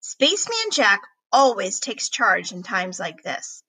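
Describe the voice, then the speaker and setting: A woman reading a children's chapter book aloud in an expressive storybook narration. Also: medium pitch, slow, breathy edge, poor audio. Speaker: reader.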